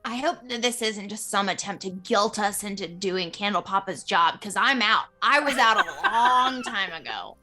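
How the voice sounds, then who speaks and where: A woman player at a tabletop game speaks with a wry, dry humor. Her voice is bright and middle-pitched, moving in lively swings. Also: normal speed, hardly any pauses, faint music behind. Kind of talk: casual tabletop play.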